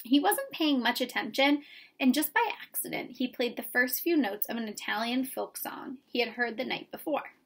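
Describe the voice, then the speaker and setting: A woman reading a children's chapter book aloud in a calm, even storytelling manner. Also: on the high side, normal speed. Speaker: reader. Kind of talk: storybook read-aloud narration.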